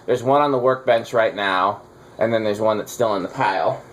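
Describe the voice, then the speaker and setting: A fan collector hosts a relaxed chat while testing ceiling fans, speaking at a normal speed in a fairly low male voice. There's rambling, teasing, and a lot of fillers, and the recording carries faint background noise.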